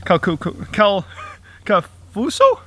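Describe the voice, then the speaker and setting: A man's voice: high-pitched, wildly swooping pitch, slow, fairly bright tone, slight background noise. A middle-aged man chatting casually outdoors in the woods as he makes tea over a small stove, chuckling often between rambling asides. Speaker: outdoor vlogger. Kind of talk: casual chat while camp cooking.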